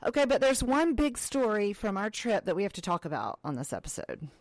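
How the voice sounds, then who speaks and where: A woman with a mid-range voice and big pitch swings talks a little fast, with no echo. As a podcast co-host, she chats casually and spins stories, acting out what people said.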